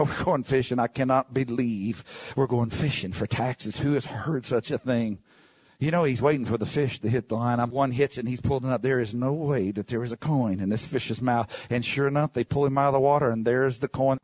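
A man preaching a sermon and telling his own testimony, animated, now and then bursting into shouts. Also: medium pitch, no echo.

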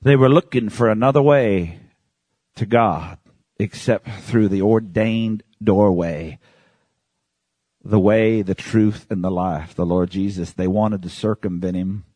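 A man preaching an expository Bible sermon in a conversational way, swinging between high emphatic outbursts and low hushed asides and asking his listeners questions. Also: slow, slightly rough, no room sound.

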